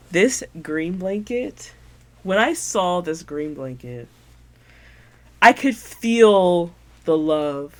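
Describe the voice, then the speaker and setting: A woman's voice: lowish voice, animated, drawn-out words, pauses often. A woman hosting her podcast in casual show-and-tell chat, gushing and sentimental, with lots of filler words. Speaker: podcast host.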